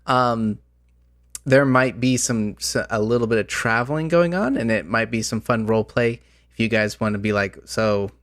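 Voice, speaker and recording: A man's voice: medium pitch, moderate pace, fairly bright tone, no echo, studio quality. A man hosting a podcast as game master, chatting casually with many fillers and restarts, his voice slightly worn. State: voice slightly going out. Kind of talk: casual chat about tabletop games.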